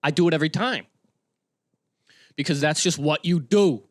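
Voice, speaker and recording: A young man hosting a casual solo podcast, rambling and excitable, breaking into sudden bursts of yelling. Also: fairly high pitch, normal speed, dry recording, studio quality. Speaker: podcast host.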